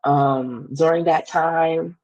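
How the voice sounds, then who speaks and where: A woman's voice: low voice, steady tone, a little mellow, highs cut off. A young woman, a podcast guest candidly telling a personal story and acting out the things people said. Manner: candid, quick, acts out quoted dialogue.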